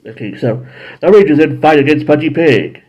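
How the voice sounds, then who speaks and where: A man hosting a casual episode review, rambling and correcting himself, now and then jumping into high acted voices. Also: animated, normal speed, slightly rough, highs cut off. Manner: rambling, self-correcting, jumps into high-pitched character voices. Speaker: show host reviewing episodes.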